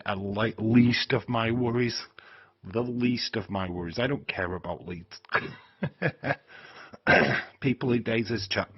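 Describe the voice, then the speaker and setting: A man with a low, husky voice chats bluntly with his viewers during a live watch-along stream. He swears freely and laughs at his own jokes. The sound is dull and lo-fi. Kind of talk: casual live-stream chat reading viewers' comments.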